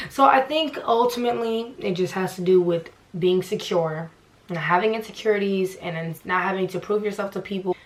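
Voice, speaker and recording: A young woman telling a casual storytime vlog with sarcastic asides, acting out the people she quotes. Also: mid-range voice. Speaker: vlogger.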